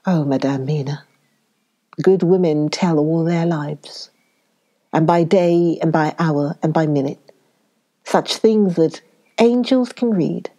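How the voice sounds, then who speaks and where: A woman reading the part of an elderly foreign male professor in an audiobook, speaking earnestly with halting, oddly worded phrasing. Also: deep voice, mellow, full character voice.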